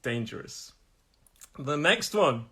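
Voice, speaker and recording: British male teacher, live phone stream, husky, slightly higher voice, chatty. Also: animated, sharp tone. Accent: British English. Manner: chatty, repeats words slowly with stress, laughs often. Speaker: English pronunciation teacher. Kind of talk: live-streamed language lesson.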